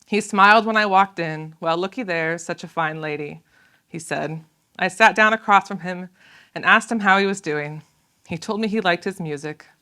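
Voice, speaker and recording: A woman author and scientist speaking at a public lecture. She talks in a measured, earnest way with thoughtful pauses, and reads aloud from her book. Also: medium pitch, sharp tone. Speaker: author and scientist giving a talk.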